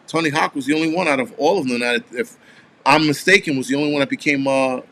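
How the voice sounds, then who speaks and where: A man hosting a casual live stream, chatting about movies in a rambling, profane way and getting animated when he tells a story. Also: medium pitch, quick pace, slight background noise. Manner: rambling, with restarts. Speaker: host.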